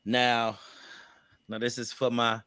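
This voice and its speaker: A man's voice: medium pitch, completely flat delivery, slow pace, pushed and bright, smooth, dry recording, clean studio sound. A man co-hosting a casual relationship panel discussion, emphatic and preachy, with loose vernacular speech. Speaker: podcast co-host.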